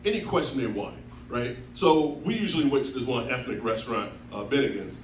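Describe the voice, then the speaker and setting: A man's voice: medium pitch, brisk. Guy doing a stand-up set, easygoing storyteller, roomy club sound picked up from back of room. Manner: laid-back storytelling, acting out quotes. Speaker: stand-up comedian. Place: comedy club stage. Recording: echoey club from far off. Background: room noise and audience.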